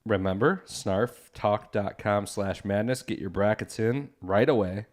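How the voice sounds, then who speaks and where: A man's voice: fairly low pitch, unhurried. A man from the co-hosting a podcast, teasing his partner and doing goofy voices. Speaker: podcast co-host. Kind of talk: casual podcast banter.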